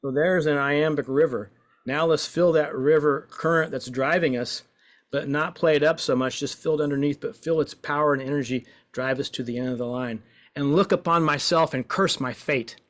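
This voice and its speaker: A man's voice: on the high side, steady tone, a little fast. A man leading a voice and poetry exercise, encouraging and playful, stretching out lines as he recites. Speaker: workshop leader.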